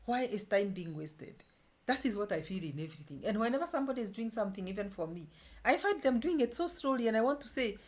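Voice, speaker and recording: Talking to camera as a vlogger, this fifties-aged woman has a slightly high voice. Her delivery is casual and animated, full of repeated words and restarts.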